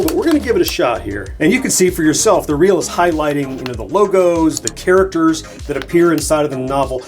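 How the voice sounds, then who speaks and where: A man in his forties hosting a nostalgia channel, chatting enthusiastically while unboxing and thinking aloud. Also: on the high side. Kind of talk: casual unboxing narration. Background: soft background music.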